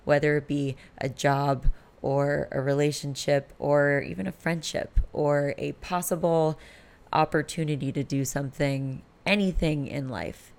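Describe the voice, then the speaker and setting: A woman's voice: low voice, fairly even intonation, unhurried, darkish tone. A woman in her late twenties hosting a candid, rambling late-night solo podcast, swearing freely. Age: late 20s. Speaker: podcast host.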